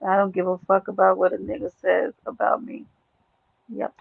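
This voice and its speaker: A woman with a Brooklyn New York accent hosting a casual livestream chat, brash, profane and animated, laughing often. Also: medium pitch, moderate pace, vocal fry, dry recording, phone-quality sound. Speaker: livestream host.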